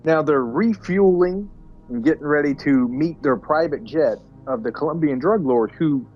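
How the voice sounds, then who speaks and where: A man's voice: a little high, normal speed. A man with a mid-range voice gives a wry, casual plot recap on a podcast. His sound is slightly dull and lo-fi, and faint music plays behind him. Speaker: podcast co-host. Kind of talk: casual chat.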